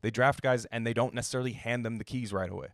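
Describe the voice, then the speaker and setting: A man's voice: medium pitch, quick pace, no room sound, studio quality. A young man hosting a sports podcast, rambling in a casual, sarcastic way and swearing now and then.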